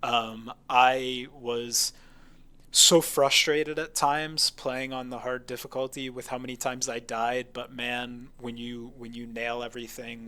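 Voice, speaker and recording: A man's voice: medium pitch, sharp tone, clear, resonant tone. A man co-hosting a casual video game podcast, talking with enthusiasm and emphasis. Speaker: podcast co-host. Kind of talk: casual game review chat.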